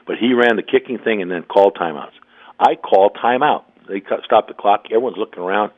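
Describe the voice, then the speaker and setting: Older guy ex coach on a crackly phone call, lowish voice, keeps restarting and clearing his throat. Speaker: guest, former coach. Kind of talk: phone interview, telling a story. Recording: tinny phone line.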